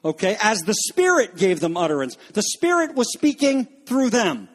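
A man's voice: high-pitched, very animated, normal speed. A man preaching a sermon to a congregation, talking in a conversational, joking way with asides to the listeners. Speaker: pastor.

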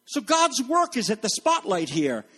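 Animated high-voiced male preacher. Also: unhurried, slightly rough. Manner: animated, acts out quoted voices. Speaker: pastor. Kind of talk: sermon.

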